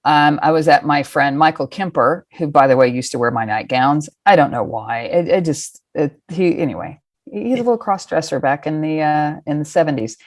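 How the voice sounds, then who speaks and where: A woman's voice: sits low, expressive, moderate pace, no echo. A woman in her fifties, a guest, telling stories in a frank, rambling and salty way. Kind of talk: casual storytelling.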